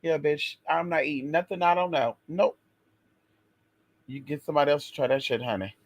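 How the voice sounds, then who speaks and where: A man chatting casually to his viewers in a sassy, expressive way. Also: a little high, a little fast, dry recording. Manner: sassy, expressive, exclaims and drawls. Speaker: vlogger.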